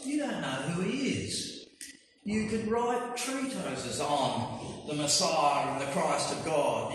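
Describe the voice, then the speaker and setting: A man preaching a sermon, emphatic and full of rhetorical questions, with slow, stressed phrases. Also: a little high, fairly bright tone. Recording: echoey hall from far off, faint noise.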